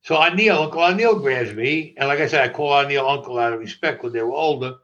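An older man recounts old stories in conversation, breaking into laughter and cursing freely. His voice sits at a mid pitch. The recording is dull and lo-fi. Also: fast talker. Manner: animated, laughing, swearing freely. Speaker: interviewee. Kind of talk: storytelling in conversation.

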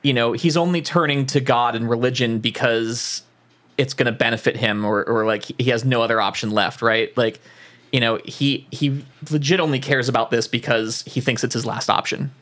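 A man co-hosting a podcast in casual chat, lively and fond of acting out quotes. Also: medium pitch, moderate pace. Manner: animated, acts out quotes of characters. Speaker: podcast co-host.

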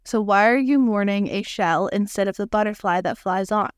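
A young woman co-hosting a casual podcast chat, animated and quick to quote film lines. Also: mid-range voice, clear, resonant tone, no echo, clean studio sound. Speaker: podcast co-host.

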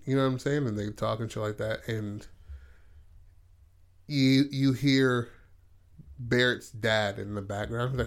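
A man casually pitching a story idea in loose, profane talk, acting out the characters' lines. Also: steady tone, measured pace, long pauses. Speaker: podcast host.

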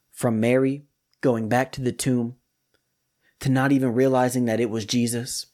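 A man hosting a scripture study podcast, preaching in a lively, colloquial way straight to his listeners. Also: mid-range voice. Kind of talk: casual preaching.

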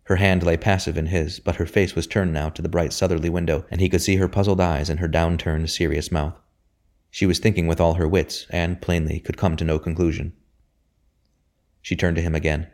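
A man narrating a novel chapter in a measured, even storytelling manner. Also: low voice. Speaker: audiobook narrator.

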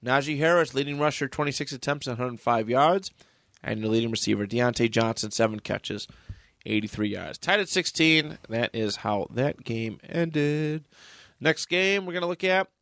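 A man's voice: medium pitch, expressive, moderate pace, fairly bright tone, dry recording, clean studio sound. A man co-hosting a casual sports podcast, running through game scores with jokey asides. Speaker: podcast co-host. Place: small dry home studio. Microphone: desk mic in a home studio.

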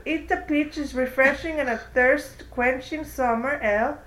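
A woman's voice: high voice, fairly bright tone. A woman co-hosting a podcast, chatting casually and reading out a beer description. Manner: unhurried, reads a beer description. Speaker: podcast co-host. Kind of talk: casual chat. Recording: echoey room.

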